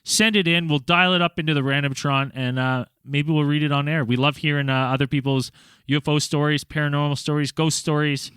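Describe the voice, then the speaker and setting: Bright, upbeat male podcast host. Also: a little high, steady tone, brisk, clean tone, no room sound. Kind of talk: casual podcast chat.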